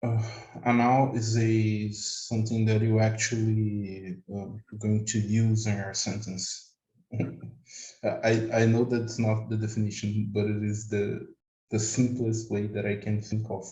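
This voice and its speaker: A man's voice: on the low side, completely flat delivery, measured pace, dark tone. A man from Brazil with a Brazilian Portuguese accent, a student answering a question on a video call, hesitant and searching for words. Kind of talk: answering in class. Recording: echoey room on a video call.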